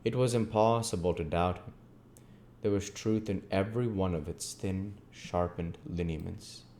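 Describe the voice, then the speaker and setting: A man narrating a classic novel aloud as an audiobook reader, in a measured storytelling manner. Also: low voice, darkish tone, slight background noise.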